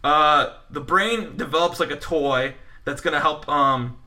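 Excitable man with a bright voice. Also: on the high side, a little slow. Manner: animated, enthusiastic, full of fillers. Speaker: podcast co-host. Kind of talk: casual film podcast chat.

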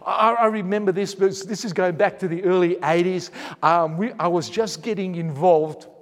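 High-voiced preacher in a reverberant hall. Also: male voice, steady tone, normal speed. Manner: storytelling, earnest, with restarts and varied loudness. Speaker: pastor. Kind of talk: sermon.

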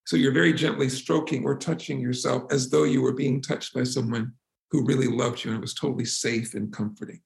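A man teaching a spiritual practice and guiding listeners through yawns, stretches and breathing, earnest and slowing down to stress words. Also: medium pitch, fairly even intonation, gravelly. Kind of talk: teaching talk and guided relaxation. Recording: roomy echo.

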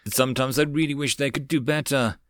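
A man's voice: steady tone, a little fast, fairly bright tone, no room sound, clean studio sound, lightly acted. A man voicing a weary starship captain. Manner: tired and low-key.

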